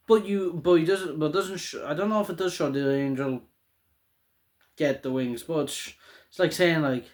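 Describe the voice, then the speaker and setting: A man's voice: fairly high pitch, normal speed. A young man hosting his own show, talking casually about a film in a loose, rambling way full of fillers and restarts. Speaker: show host reviewing a film. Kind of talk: casual monologue.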